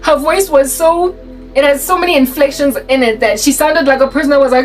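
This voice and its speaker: Animated, high-voiced woman. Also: fairly quick, soft background music, low-quality recording. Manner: animated, laughs often mid-story. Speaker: faith vlogger. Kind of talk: casual storytelling.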